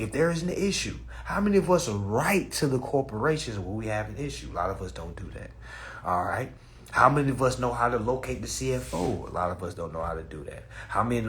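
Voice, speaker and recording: A man hosting a phone livestream in a loose, preachy way. His pitch swings all over as he builds his points, and he drops curses and laughs at his own jokes. His voice sits at a middle pitch. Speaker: livestream host. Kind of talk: casual livestream talk.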